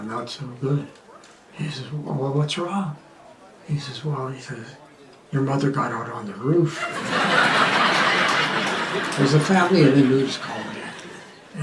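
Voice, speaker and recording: A man telling jokes to an audience, an animated storyteller who punches up the lines and drops into near-whispers for asides. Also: mid-range voice. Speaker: joke-telling comedian. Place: outdoor street performance. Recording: roomy, from a distance with ambient noise.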